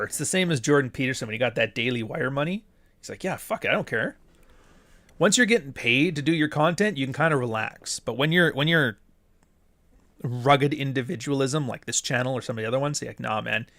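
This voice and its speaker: A man hosting a casual livestream from a dry, close-sounding room, with a voice sitting at an ordinary middle pitch. He drifts from tangent to tangent, curses freely and keeps circling back to his point. He comes from the Pacific Northwest. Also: fairly bright tone, no echo. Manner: rambling, goes off on tangents, profane. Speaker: livestream host reading super chats.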